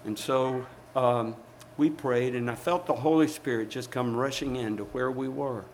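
A man's voice: mid-range voice, moderate pace, slight background noise, low-quality recording. A man preaching a sermon as a pastor, emphatic and storytelling, calling out to the congregation.

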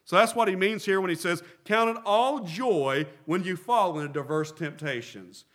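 A man's voice: high voice, moderate pace, a bit bright. A middle-aged man preaching a sermon as a pastor, asking rhetorical questions and repeating phrases for emphasis.

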